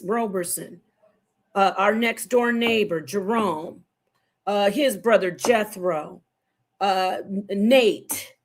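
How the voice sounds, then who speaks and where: A woman in her fifties from Phoenix, Arizona, speaking as a panelist in an online forum. She argues heatedly and confrontationally, swears freely, and rambles, repeating and restarting her phrases. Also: mid-range voice. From Phoenix, Arizona, USA. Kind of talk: heated opinion talk.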